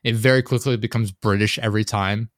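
A young man co-hosting a podcast, rambling casually and dropping deadpan jokes. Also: on the low side, fairly quick, no room sound, clean studio sound. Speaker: podcast co-host. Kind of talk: casual chat.

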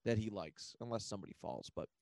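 A man co-hosting a casual sports podcast, animated and quick to laugh. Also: on the low side, vocal fry, no echo. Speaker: podcast co-host.

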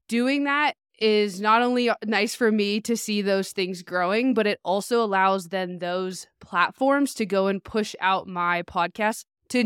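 A woman's voice: medium pitch, smooth, dry recording, clean studio sound. A woman hosting a podcast as a life coach, talking in a casual, upbeat and chatty way, a little nasal from allergies.

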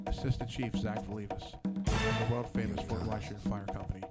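A man's voice: fairly low pitch, little pitch movement, a little fast, loud music behind the voice. A man hosting a casual talk show, telling rambling, profane stories with many restarts. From Philadelphia area. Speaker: podcast host. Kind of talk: casual chat.

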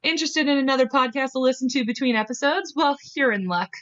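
A woman's voice: fast talker, a bit bright. A woman reading an upbeat promo for another podcast. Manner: chirpy, upbeat pitch. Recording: slightly muffled promo audio.

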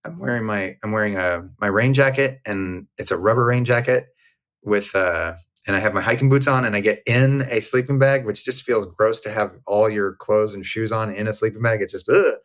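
A man's voice: lowish voice, normal speed. A man being interviewed, telling a personal story in a candid, conversational way and acting out the dialogue. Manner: animated, acts out quoted dialogue. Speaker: interview guest.

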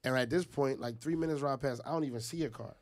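A man's voice: medium pitch, quick pace, a little mellow. A man telling a personal story in a casual chat, animatedly acting out what other people said.

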